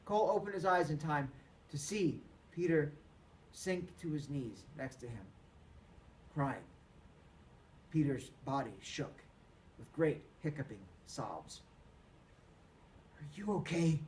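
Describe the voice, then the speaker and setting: A male teacher reading a novel aloud, with expressive, dramatic narration. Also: on the high side, takes it slowly, pauses often, far from the mic, slight background noise.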